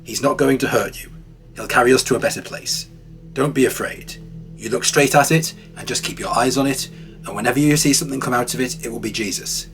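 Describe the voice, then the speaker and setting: A man's voice: medium pitch, brisk, a bit bright, soft background music, lightly acted. A man reading as a panicked grandmother witness. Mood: reassuring. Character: frightened middle-aged woman witness, grandmother.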